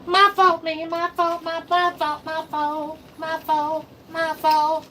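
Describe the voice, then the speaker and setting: Guy doing a super squeaky whiny sorry-sorry voice, slow and flat, kinda far from the mic. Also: full character voice. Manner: repetitive, singsong mocking. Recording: distant mic with faint background noise.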